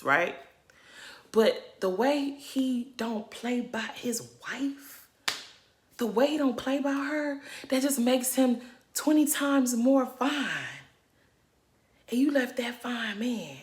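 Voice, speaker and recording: A young woman recaps a reality show in a sassy, gossipy tone and laughs often. Her voice is bright and a bit high, and it swoops up and down freely. She is heard in a roomy, echoey space. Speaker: vlogger. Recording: roomy echo.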